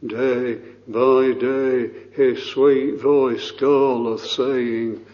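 Slow, solemn male preacher. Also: medium pitch, muffled recording. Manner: slow, solemn, with frequent "uh" and rising fervour. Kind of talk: sermon.

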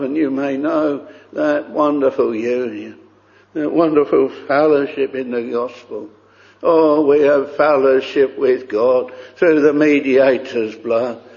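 A man's voice: a little high, darkish tone. A man preaching a sermon in an earnest, pleading way, often repeating phrases and crying out "oh". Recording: dull lo-fi recording with long hall reverb.

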